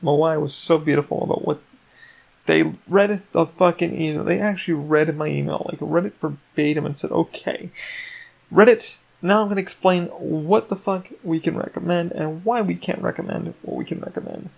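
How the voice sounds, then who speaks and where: A man hosting his own podcast, rambling excitedly and swearing often, with many restarts. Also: on the high side, moderate pace, creaky. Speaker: podcast host. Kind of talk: casual solo podcast rant.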